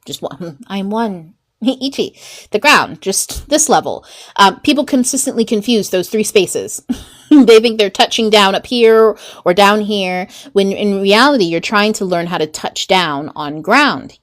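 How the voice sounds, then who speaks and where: A woman's voice: mid-range voice, expressive, a little slow. A woman host and mindset coach teaching in a casual, chatty way, swearing freely and laughing through rambling asides.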